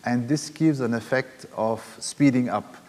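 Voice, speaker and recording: A man's voice: medium pitch, unhurried, darkish tone. A man leading a music workshop, explaining rhythm hesitantly with many fillers. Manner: hesitant, many fillers, counting beats and chanting drum syllables aloud. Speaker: workshop leader and percussionist. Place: large hall at a music academy. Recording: long hall reverb with drumming.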